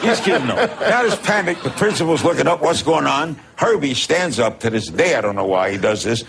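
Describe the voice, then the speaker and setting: Older New York man, gravelly, animated anecdote teller. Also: fairly high pitch, moderate pace, slight background noise. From New York City. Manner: animated storytelling, laughing often. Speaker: storyteller. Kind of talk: comic anecdote, archive clip.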